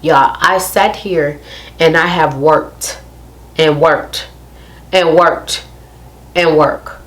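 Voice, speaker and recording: A woman's voice: low voice, fairly even intonation, drawn-out words, a bit bright. A young adult woman, telling a story in a casual, emphatic rant to her viewers and repeating her points. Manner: emphatic, repeats phrases, addresses viewers directly. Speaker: vlogger.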